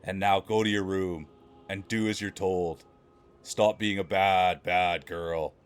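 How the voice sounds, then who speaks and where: Man putting on a hushed, deep romance narrator. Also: steady tone, clear, resonant tone. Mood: stern. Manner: slow, hushed, drawn-out. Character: sultry male romance-novel narrator. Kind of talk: dramatic romance reading.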